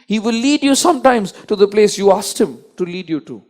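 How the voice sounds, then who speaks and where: A man's voice: sits high, expressive, fairly quick, a little mellow. A man preaching a sermon, emphatic and repetitive, often restarting his sentences.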